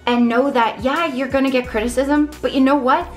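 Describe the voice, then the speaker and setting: A woman's voice: sits high, steady tone, moderate pace. A young adult woman talking candidly to camera in a casual vlog, earnest and reflective. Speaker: vlogger. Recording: echoey room with faint music.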